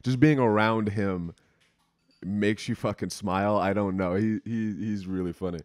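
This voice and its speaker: Deep-voiced young man, candid and rambling. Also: fairly even intonation, normal speed, a little mellow, dry recording, clean studio sound. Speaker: podcast host. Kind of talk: casual chat.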